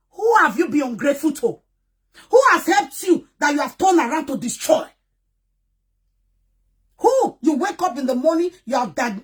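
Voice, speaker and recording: A woman, a talk show host delivering an emphatic, repetitive, sermon-like moral monologue to her followers. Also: sits high.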